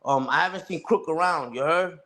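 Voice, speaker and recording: A young man with a fairly high voice talks on a livestream. His delivery is a loose, profane rant full of jabs at other streamers. He keeps circling back to the same tags, like "you heard?" and "respectfully". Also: fairly quick, sharp tone. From Puerto Rican family on mother's side. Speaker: live streamer. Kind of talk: casual ranting livestream talk.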